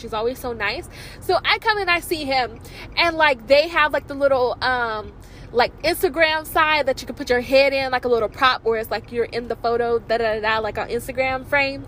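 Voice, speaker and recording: A young woman with a high voice tells stories for her vlog. She is chatty and excitable and leans on lots of fillers. Faint noise sits behind her voice. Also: low-quality recording. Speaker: vlogger. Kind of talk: casual vlog storytelling.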